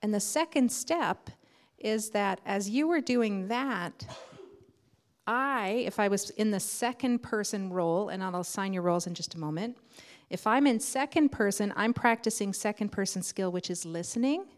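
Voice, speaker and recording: A woman's voice: medium pitch, moderate pace. A woman facilitating a workshop, giving friendly, encouraging instructions to participants.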